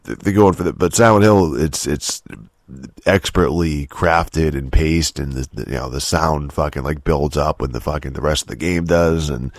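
A man's voice: very deep voice, normal speed, no room sound, studio quality. A man rambling through a casual, profane rant about a game, exasperated and full of restarts. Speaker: game commentator.

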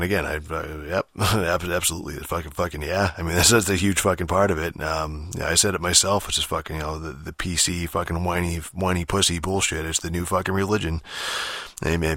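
A man's voice: low-pitched, level tone, fairly quick, bright, forceful tone, no room sound, clean studio sound. A man in a casual, rambling rant, swearing in almost every phrase and padding it with fillers and restarts.

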